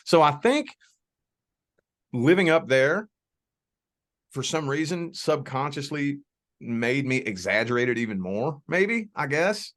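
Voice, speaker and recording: This interview guest is a spiritual reader from the Louisville, Kentucky / Southern Indiana region. He speaks unhurriedly at medium pitch with a Southern accent. His manner is laid-back, he frequently says "you know," and he tends to repeat words when beginning a thought.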